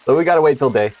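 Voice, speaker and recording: A young male streamer talks through his gameplay in a casual, unpolished way. He hesitates often and fills gaps with filler words. His voice sits at an ordinary pitch, with faint music underneath. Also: a little mellow.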